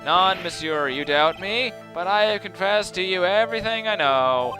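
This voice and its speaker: Casting: a man putting on a flamboyant French owner, thick put-on accent, drawn-out vowels, slightly high voice, music behind. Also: expressive. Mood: pleading. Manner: hammy mock French accent, drawn-out words.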